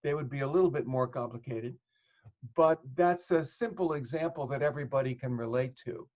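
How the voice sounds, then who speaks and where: A man's voice: mid-range voice, a little fast, darkish tone. A male psychotherapist in an interview, explaining ideas thoughtfully and working through examples. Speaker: psychotherapist guest. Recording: dull lo-fi audio.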